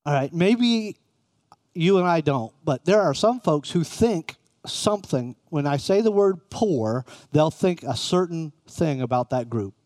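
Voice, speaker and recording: A man's voice: on the high side, expressive, measured pace, darkish tone, dry recording, clean studio sound. A middle-aged man preaching a conversational sermon, often putting questions to his listeners. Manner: conversational, asks the room questions.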